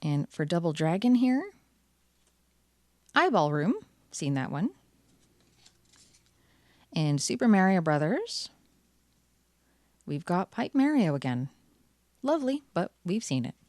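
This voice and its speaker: A woman's voice: fairly low pitch, sing-song, slow pace, pauses often, a little mellow, no echo, studio quality. A woman hosting her channel, chatting cheerfully through card packs with wry asides. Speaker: channel host. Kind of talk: casual card-opening commentary.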